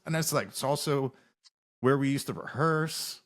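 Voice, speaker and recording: Man, rambling storyteller, many restarts, podcast interview, average pitch. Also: moderate pace. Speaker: musician guest.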